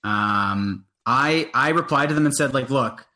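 A man's voice: medium pitch, a little slow, bright, forceful tone. A man from Canada co-hosting a casual podcast chat, rambling, restarting his sentences and swearing offhand. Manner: rambling, self-interrupting, sweary. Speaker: podcast co-host.

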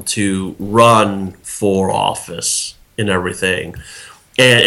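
A man's voice: fairly low pitch, pushed and bright. A man co-hosting a podcast, giving loose political commentary with frequent fillers and restarts. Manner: rambling, many fillers and restarts. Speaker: podcast co-host.

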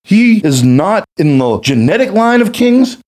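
A man giving a casual, animated Bible teaching in colloquial speech. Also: sits high, a little slow. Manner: animated, colloquial, acts out quotes. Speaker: guest speaker.

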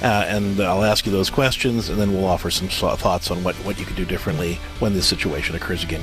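A man's voice: sits low, steady tone, quick pace, few pauses, music in the background. A man hosting a call-in radio advice show, speaking conversationally and sometimes searching for words. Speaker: radio host.

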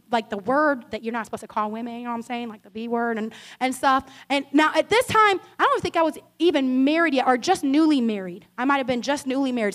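A woman pastor preaching a sermon, telling stories in a chatty way with asides to the congregation and building to animated preaching emphasis. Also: high voice.

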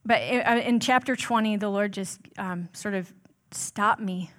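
A woman's voice: medium pitch, unhurried, fairly bright tone. A woman on a church's staff giving a conversational sermon in a casual, self-deprecating way, with everyday fillers. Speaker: church staff member preaching.

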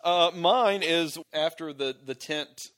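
A man's voice: on the high side, slow pace, a bit bright. A man co-hosting a casual movie podcast, who animatedly acts out quoted lines with gusto. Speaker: podcast co-host. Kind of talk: casual chat.

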